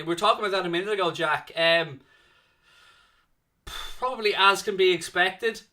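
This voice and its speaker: A man's voice: high-pitched, moderate pace, pauses often, pushed and bright. A man hosting a live football watchalong who chats casually and reads viewers' comments aloud.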